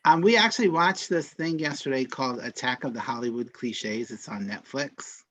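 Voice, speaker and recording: A man's voice: medium pitch, moderate pace, a bit bright. A man hosting a casual movie chat, easygoing and calling on others in turn. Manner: easygoing, calls on others to speak.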